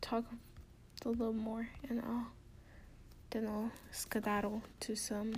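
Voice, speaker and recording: A woman chatting intimately and casually to her partner, giggly and rambling in a soft, often half-whispered voice. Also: on the high side, completely flat delivery, slow, a little hiss or hum. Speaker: podcast host talking to her partner. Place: indoors at home.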